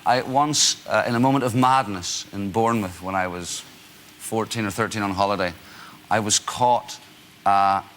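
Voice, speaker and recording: Bright-voiced Northern Irish man telling anecdotes. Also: lowish voice, normal speed, slight background noise. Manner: self-deprecating, hesitant with many "uh"s, laughing often. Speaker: actor, talk show guest. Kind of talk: chatty anecdotes on a talk show.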